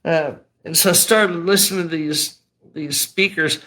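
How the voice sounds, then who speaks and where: A man's voice: on the high side, steady tone, a little slow, sharp tone. A middle-aged man telling his personal testimony in a raw, emotional, conversational way, often saying "man" and "you know". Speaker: guest sharing a testimony.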